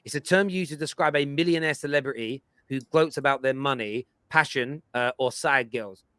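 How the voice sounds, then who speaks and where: A man's voice: medium pitch, moderate pace, smooth, dry recording. A man hosting a football fan show, explaining his points emphatically and at length in casual chat. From England. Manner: emphatic, lecturing, animated.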